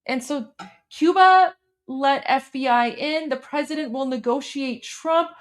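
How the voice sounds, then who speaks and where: High-voiced gushing woman livestream host. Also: unhurried. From Iran. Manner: gushing and excitable, many repeated phrases; addresses viewers as guys. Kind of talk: casual livestream chat.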